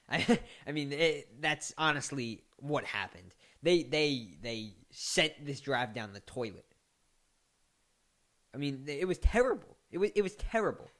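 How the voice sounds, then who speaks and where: A man giving casual sports commentary as a podcast host, chatty and joking, his voice climbing into animated, mocking outbursts. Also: mid-range voice. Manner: chatty, laughs and mocks with rising animated outbursts.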